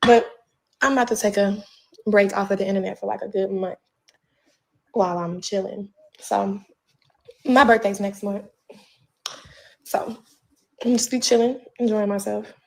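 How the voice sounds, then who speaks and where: A woman's voice: mid-range voice, steady tone, a little slow, vocal fry, pauses often. A pregnant woman ranting on a livestream from home, profane and confrontational with a drawling delivery.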